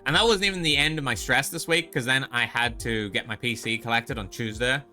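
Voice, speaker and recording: A man's voice: medium pitch, fairly quick, pushed and bright, faint music behind. A man from the Netherlands streaming, telling a story in a profane, exasperated casual rant. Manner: profane, exasperated, lots of restarts.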